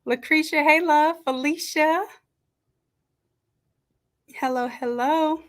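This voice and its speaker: A woman hosting a live stream from a home setup, chatting and greeting each viewer warmly by name. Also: high-pitched, slow pace. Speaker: livestream host and design coach. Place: home setup with makeshift camera stand. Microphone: camera on a stand.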